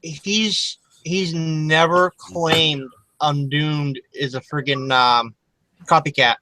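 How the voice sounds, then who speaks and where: A man with a slightly higher voice throws blunt, sardonic quips into a casual podcast chat. His noisy mic adds audible hiss and clicks. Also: fairly even intonation, slow pace.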